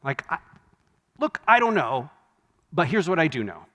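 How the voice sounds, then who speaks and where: A man giving a live conference keynote, conversational and wry, with quick asides and self-corrections. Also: a little high, big pitch swings, fairly bright tone. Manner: wry, laughs at his own jokes. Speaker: conference speaker. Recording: long hall reverb from a live venue.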